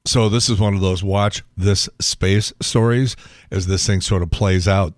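A man's voice: low voice, steady tone, unhurried, no room sound, clean studio sound. A man hosting a talk radio show, chatting in a wry, blunt way with some swearing. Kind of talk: casual talk radio monologue.

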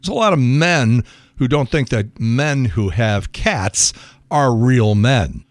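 Middle-aged guy ranting about his weekend, swings his pitch all over, dead dry sound. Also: a little slow, no echo. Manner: indignant, animated, acts out both sides of arguments. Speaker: podcast host. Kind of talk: monologue storytelling.

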